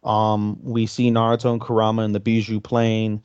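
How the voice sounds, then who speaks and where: A man's voice: fairly low pitch, monotone, moderate pace, a little mellow, smooth, no echo, lo-fi sound. A man co-hosting a podcast, casually retelling an episode and acting out the characters' lines as he goes. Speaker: podcast co-host.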